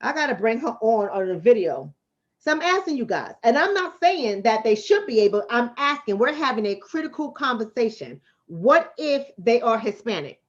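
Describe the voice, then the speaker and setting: With a fairly high, sing-song voice at a moderate pace, a relationship coach from the Bronx, New York City, runs a casual livestream. She responds to chat bluntly and with street smarts, repeating herself for emphasis, over dull-sounding audio.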